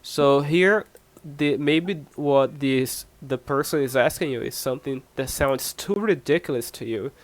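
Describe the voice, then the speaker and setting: The medium-pitched voice of a Brazilian man, recorded dry, leads an online lesson on Portuguese phrases taught in English. He is a native Portuguese speaker who goes slowly and patiently, repeating phrases often and asking "okay?" to confirm he's understood.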